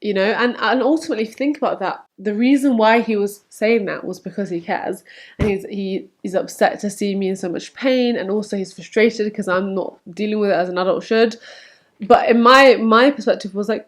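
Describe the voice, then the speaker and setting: A young woman talks straight to her camera in a candid, chatty vlog. Her voice sits at a middle pitch, and she slips into animated little quotes when recounting conversations. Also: a little fast. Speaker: vlogger.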